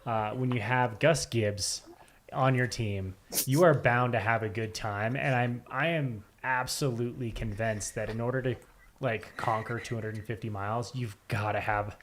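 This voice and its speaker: A man with a middle-pitched voice commentates on an ultramarathon stream, enthusiastic and full of jokes. Faint noise sits under his voice. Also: fairly even intonation, moderate pace, a bit bright. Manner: enthusiastic, joking. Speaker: livestream commentator. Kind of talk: casual commentary.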